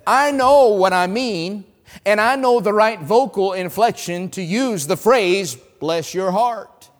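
A man with a Southern US accent from North Carolina preaching a sermon as an evangelist, telling stories and swinging between loud lines and hushed ones. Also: high voice, measured pace, big-room sound. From North Carolina, USA.

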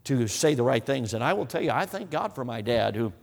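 Here a mid-range, gravelly voice moves a little fast and with animation as a man from the United States delivers a sermon. He is emphatic and repetitive, addressing listeners as friends, and the audio has a long hall reverb.

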